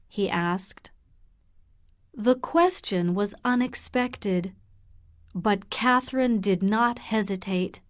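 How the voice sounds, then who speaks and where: Very slow, careful female storyteller. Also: mid-range voice. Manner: clear, careful, deliberate. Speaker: audiobook narrator. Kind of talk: slow graded-reader narration for learners.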